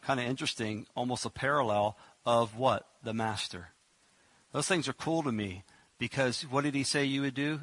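A man's voice: medium pitch, no room sound. A middle-aged man preaching a sermon as pastor, joking and acting out Bible scenes. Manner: jokey, animated, acts out Bible scenes.

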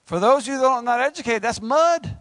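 This sermon comes from a man who jokes and talks conversationally, dramatizing little asides and then surging into excited, high-pitched preaching. No room sound can be heard.

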